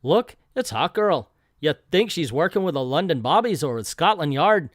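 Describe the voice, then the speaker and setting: A man voicing a jumpy male outlaw in a rough, amateur Irish accent, with a shouty delivery. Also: fairly high pitch, very animated, moderate pace, dry recording, studio quality. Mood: alarmed.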